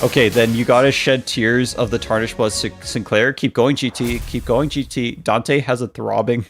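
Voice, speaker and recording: Young man streaming, mid pitch, joking chat banter, light music under. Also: steady tone, normal speed. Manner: joking, reacting to chat, laughing often. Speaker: game streamer. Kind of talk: casual live-stream chat.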